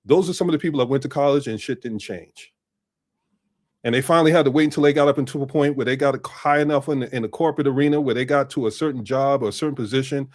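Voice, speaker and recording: A man's voice: medium pitch, fast. A middle-aged man speaking as a podcast guest, blunt and street-wise as he talks through how things really work. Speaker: podcast guest, business strategist. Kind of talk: casual podcast conversation.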